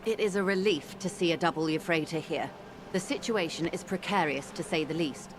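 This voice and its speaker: An actress gives voice to a composed, formal negotiator in a video game. She speaks in measured, polite sentences. Her voice sits a little low, with a faint hiss behind it. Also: natural voice.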